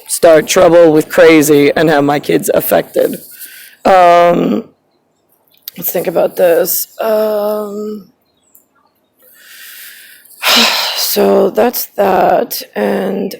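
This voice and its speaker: A woman's voice: lowish voice, vocal fry, a little mellow, rough recording. A woman delivering a rambling, agitated personal rant, swearing and drifting from topic to topic.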